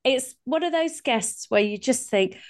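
Woman, comedian co-host, casual jokey podcast chat, very animated intonation, mid pitch. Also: measured pace, dry recording, studio quality. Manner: chatty, jokey, lively banter.

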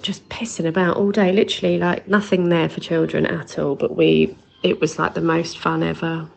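A woman's voice: on the low side, flat delivery, moderate pace, gravelly, husky, low-quality recording. A woman leaving a chatty, nostalgic voice message for a podcast, swearing freely. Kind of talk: casual voice note.

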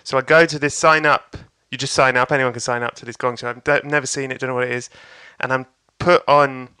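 A man, telling a lively sweary story in casual chat. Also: mid-range voice, quick pace, smooth. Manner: animated, swears, acts out crowd voices. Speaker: comedian guest.

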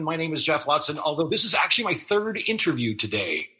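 A man's voice: a little high, very animated, quick pace, sharp tone, breathy edge. A man hosting a podcast, rambling and effusive, his voice worn out after several interviews that day. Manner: rambling, effusive, laughs often. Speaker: podcast host. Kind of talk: casual interview chat.

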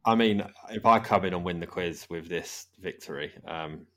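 A man with a very low, deep voice hosts a relaxed football podcast among friends. He rambles through his notes, trails off mid-sentence and breaks into laughter often. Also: moderate pace. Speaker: podcast host. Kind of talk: casual chat.

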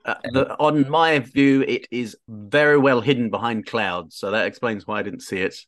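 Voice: mid-range voice, moderate pace, no echo, clean studio sound. A player in a tabletop game, making wry, playful asides. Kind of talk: casual tabletop play.

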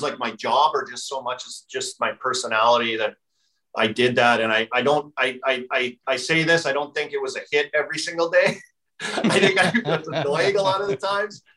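A man's voice: medium pitch, pushed and bright, far from the mic, rough recording. A man, a former hockey player, guesting on a podcast and telling stories in a rambling way full of fillers. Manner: rambling, heavy use of filler "like". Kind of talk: casual storytelling chat.

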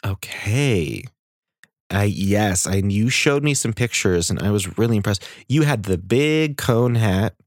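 A man's voice: on the low side, lively intonation, a little slow, no room sound, studio quality. A man co-hosting a comedy podcast, playing along earnestly and feeding mock-serious questions in improvised chat. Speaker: podcast co-host.

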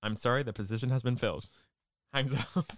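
A woman co-hosting a podcast in casual chat, acting out film quotes in an animated way. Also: extremely low pitch, quick pace, no room sound, clean studio sound. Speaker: podcast co-host.

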